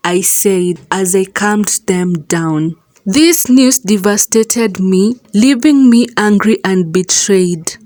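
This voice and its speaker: Woman, storyteller, slow unhurried pace, dry close sound, scripted narration. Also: mid-range voice, darkish tone, no room sound.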